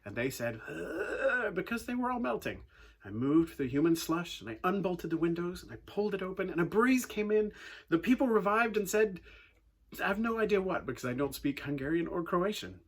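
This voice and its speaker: A man giving a youth talk, telling a funny story with lively acted-out quotes before turning to a message. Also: high voice, a little fast. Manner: animated storyteller, acting out quotes. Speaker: youth speaker.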